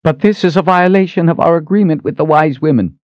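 A man's voice: on the high side, a little fast, no room sound, muffled recording, pitched above the performer's own voice, lightly acted. A man voicing an imperious older queen mother, stern and commanding. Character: imperious old queen mother, proud ruler.

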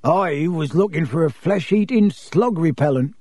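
A man voicing a huge, gruff, bearded gamekeeper who growls his words. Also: a little high, lively intonation, a little slow, darkish tone, no room sound, studio quality.

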